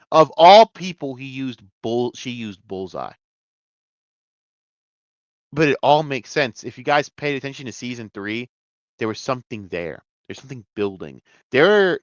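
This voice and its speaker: A man giving an excitable, profane review of a TV episode, jumping between near-shouts and mutters. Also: medium pitch, no room sound, muffled recording. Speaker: TV show reviewer. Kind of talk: casual video review rant.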